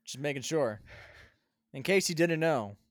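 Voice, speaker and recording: A man co-hosting a casual podcast chat who throws in quick, teasing remarks. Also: a little high, expressive, dry recording, studio quality. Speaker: podcast co-host.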